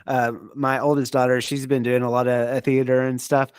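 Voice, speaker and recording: A man's voice: mid-range voice, level tone, a little fast, clean tone, no room sound, studio quality. Friendly male podcast host. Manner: friendly, hesitant with many fillers. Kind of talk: casual chat.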